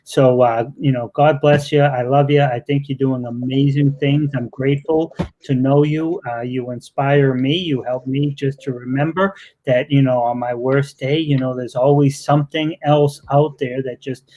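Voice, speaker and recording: A man's voice: mid-range voice, fairly even intonation, moderate pace, few pauses, dark tone, muffled recording. A man with a Boston accent hosting a live interview, talking in an effusive, rambling way with lots of fillers. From Massachusetts. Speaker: interview host. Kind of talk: casual live interview chat.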